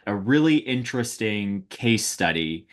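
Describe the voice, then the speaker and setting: A man hosting a podcast, asking relaxed interview questions and backing the guest with short agreements. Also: lowish voice, measured pace. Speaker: podcast host.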